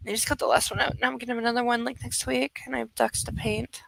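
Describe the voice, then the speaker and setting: A woman riffs sarcastically through a live-streamed book club, swearing casually as she goes. Her voice sits a little high and sounds bright and sharp. The sound is dry and close, with no room echo. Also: flat delivery, fast talker, gravelly. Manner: sarcastic, profane and chatty.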